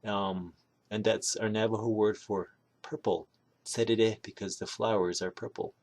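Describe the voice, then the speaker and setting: Laid-back guy teaching vocab, kinda low voice, says each word slow and twice. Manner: relaxed, repeats each word slowly. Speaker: language teacher. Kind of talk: casual language lesson.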